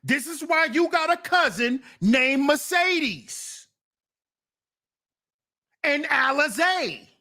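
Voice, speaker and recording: High pitched guy, blunt casual rant, scolding his chat. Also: animated, slow pace, long pauses, bright, forceful tone. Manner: blunt, scolding, talks back to viewers. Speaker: commentary channel host.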